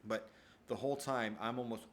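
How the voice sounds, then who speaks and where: A man's voice: medium pitch, moderate pace, a little hiss or hum. Profane, rambling man telling stories. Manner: profane, rambling, animated storyteller. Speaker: vlogger. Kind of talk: casual storytelling monologue. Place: at home, downstairs.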